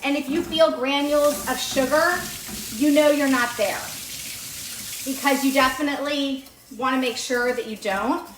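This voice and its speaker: A chatty, enthusiastic woman with a high voice runs a live baking demo in her home kitchen at normal speed, answering viewers' comments. Her on-camera mic moves around the kitchen, catching an echoey room, a little hiss or hum, and mixer and kitchen clatter in a rough recording.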